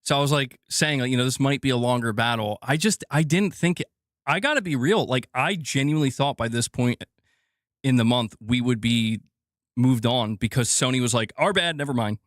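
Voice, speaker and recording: A man's voice: medium pitch, moderate pace, dry recording, clean studio sound. A man hosting a live gaming news stream, ranting casually and swearing as he talks to his chat.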